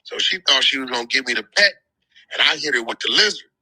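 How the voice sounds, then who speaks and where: A man's voice: medium pitch, fast talker, slightly rough, no echo, rough recording. A man telling a long personal story in casual, profane street slang. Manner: profane, street slang, animated when joking. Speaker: storyteller guest on a group audio chat.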